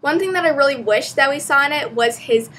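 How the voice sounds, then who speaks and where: A young woman vlogger gushing about a film in a casual review chat, full of "like" and excited asides. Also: sits high, a little fast, very noisy. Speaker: book vlogger.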